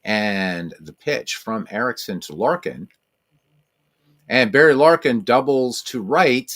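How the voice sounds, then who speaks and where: A man's voice: animated, takes it slowly, fairly bright tone. A man calling a tabletop baseball game in a casual play-by-play style, as if he were an announcer. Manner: mock announcer calls, talks to his cats in a high, cooing voice.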